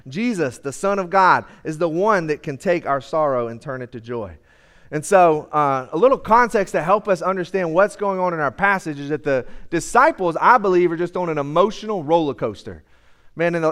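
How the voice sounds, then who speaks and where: A young man preaching to a church congregation, his voice pitched noticeably high. He talks loosely and conversationally, with plenty of "uh"s between thoughts. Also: fairly bright tone, clean tone. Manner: casual conversational preaching with many fillers. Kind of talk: sermon. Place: church sanctuary.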